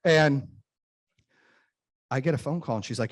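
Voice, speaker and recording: A man's voice: mid-range voice, lively intonation, a little slow. A man in his forties, a podcast host, talking through a motivational monologue and acting out the people he quotes. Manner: emphatic storytelling, acts out quoted voices.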